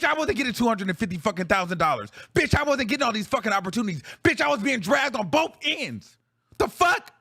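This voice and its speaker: A man's voice: high-pitched, gravelly, sharp tone. A male show host in a heated, profane reaction rant, venting with repeated phrases.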